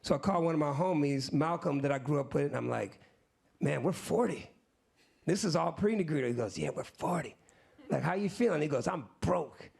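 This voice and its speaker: A musician guest in his fifties, his voice fairly high, a little fast, creaky and breathy-edged, tells a story on stage to an audience. His talk is casual and slangy, and he animatedly acts out other people's lines from the conversations he recounts.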